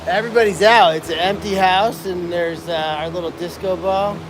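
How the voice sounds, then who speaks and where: A man's voice: high voice, fairly even intonation, moderate pace, noisy background. A man who cares for a farm animal sanctuary, chatting casually on a live stream while walking outdoors across a pasture. He rambles with lots of fillers and restarts, recorded on a handheld phone.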